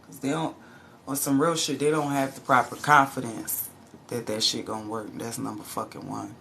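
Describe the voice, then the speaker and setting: Woman, tarot reader, low gravelly voice, casual and profane, faint hiss behind. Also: flat delivery, moderate pace, a bit bright. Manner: profane, laughs and exclaims often.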